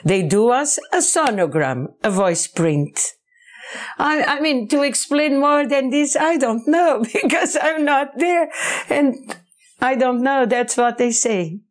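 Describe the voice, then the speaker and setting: Slow, halting woman. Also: high voice, lively intonation. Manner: halting, searching for words, many restarts. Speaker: interview guest, author. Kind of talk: interview.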